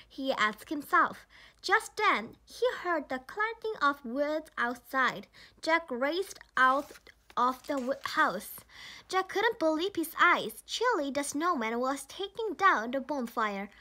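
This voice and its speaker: A woman with a Korean accent reads a children's storybook aloud in a high, bright voice. She goes slowly and carefully, often correcting small slips as she reads. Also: lively intonation. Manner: careful reading with frequent small slips and restarts.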